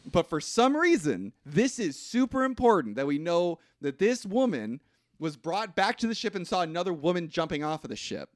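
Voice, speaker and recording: A man co-hosting a podcast, recapping a movie in casual chat, rambling and halting with restarts and swearing. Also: sits high, dry recording, clean studio sound. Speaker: podcast co-host.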